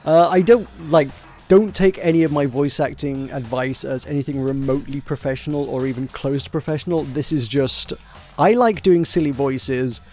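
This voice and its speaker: A man's voice: fairly high pitch, a little mellow. A man hosting a let's play, chatting casually and self-deprecatingly between lines. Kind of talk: casual game commentary.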